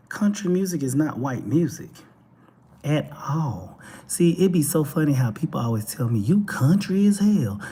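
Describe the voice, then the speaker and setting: A man with a Texan accent giving casual, animated commentary as a talk show host, speaking straight to his viewers. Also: medium pitch, husky. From Texas. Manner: animated, preachy, addresses viewers directly.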